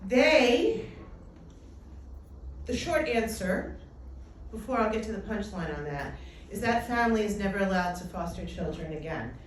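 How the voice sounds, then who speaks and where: A middle-aged woman giving a personal testimony talk, telling her story in a lively way and acting out what people said. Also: mid-range voice, a little slow, pauses often. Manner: animated storytelling with acted-out quotes. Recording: echoey hall, distant mic, faint noise.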